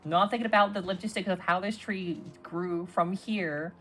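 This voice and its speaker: A woman's voice: fairly low pitch, fairly even intonation, moderate pace, fairly bright tone, slight background noise. A woman streamer chatting playfully and rambling while playing a game. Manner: playful, rambling, many restarts. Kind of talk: casual gaming stream chat.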